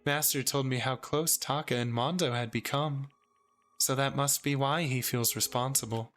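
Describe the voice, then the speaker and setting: A man's voice: mid-range voice, steady tone, normal speed, a bit bright, a little hiss or hum, close to an everyday voice. A man reading a polite AI program. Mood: earnest. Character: polite helpful AI computer program.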